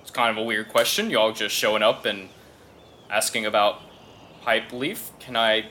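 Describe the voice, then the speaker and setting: A man voicing a calm adult male dwarf who keeps a mountain temple, talking in a measured, slightly puzzled way. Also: on the low side, slight background noise, pitched below the performer's own voice.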